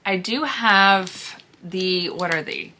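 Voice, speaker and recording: A woman vlogger chatting casually through a makeup declutter, gushing and sometimes dropping to a hushed near-whisper, her voice hoarse as she loses it. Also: medium pitch, takes it slowly, slight background noise. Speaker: beauty vlogger.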